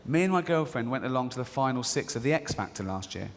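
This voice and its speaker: Guy doing standup in a big echoey theatre, chatty storyteller, mid-pitched, faint audience hum behind. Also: lively intonation, fast talker. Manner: chatty storytelling, acts out voices of people in anecdotes. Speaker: stand-up comedian. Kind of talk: live stand-up comedy. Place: large theatre stage. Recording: live hall reverb with faint audience ambience.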